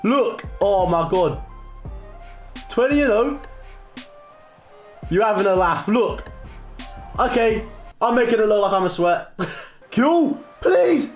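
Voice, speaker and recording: A young man giving excitable live gameplay commentary, bursting into shouts and repeated cheers. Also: high-pitched, a little slow, long pauses. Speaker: gaming creator. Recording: roomy echo with faint music.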